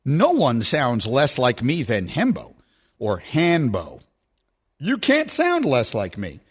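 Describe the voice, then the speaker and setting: A man hosting a radio show in a studio, chatting in a wry, animated way and stressing his points in lists. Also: medium pitch, slightly rough. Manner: animated, wry, speaks in lists with rhetorical pauses. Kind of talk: casual sports radio banter.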